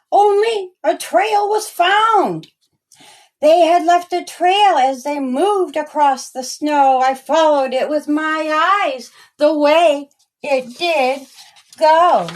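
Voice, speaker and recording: A woman reading aloud her own rhyming children's story in a slow, sing-song storytelling manner. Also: high voice. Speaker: storyteller and author.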